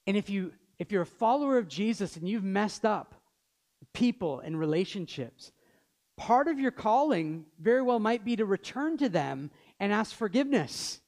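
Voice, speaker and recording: Male pastor, thirties, earnest sermon, tells stories, acts out dialogue, slightly high voice. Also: expressive, moderate pace, darkish tone.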